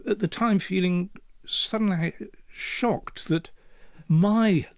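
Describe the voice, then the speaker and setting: In a high-pitched voice, a man in his seventies from Yorkshire, England reflects as a guest in a conversational interview. He talks thoughtfully and measuredly, restarting now and then, and the recording is dry and studio-clean.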